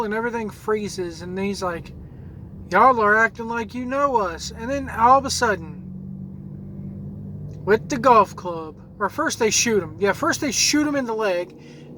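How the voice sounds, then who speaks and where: A man's high-pitched, pushed, bright voice fills this rough recording, which has a little hiss or hum. Hosting a gaming channel, he rages about a video game, swearing and repeating himself while reaching for words.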